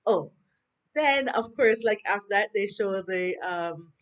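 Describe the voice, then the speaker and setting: Jamaican woman vlogger, chatty and animated, leans on rhetorical questions, recorded on a handheld phone. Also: mid-range voice, unhurried. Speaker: TV review vlogger. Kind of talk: casual chat.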